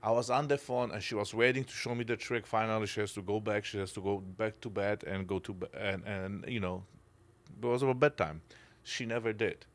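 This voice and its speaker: A man's voice: lowish voice, fairly even intonation, a little fast. A middle-aged man with a Polish accent who speaks Polish as his first language, telling stories as a podcast guest in blunt, emotional, broken English with some swearing. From Poland. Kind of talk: casual chat.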